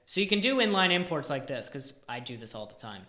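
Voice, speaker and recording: Exasperated bright-voiced man thinking aloud. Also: on the high side, very animated, fairly quick. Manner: exasperated muttering, drops to near-whispers. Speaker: live-coding streamer. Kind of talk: thinking aloud while coding. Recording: roomy echo.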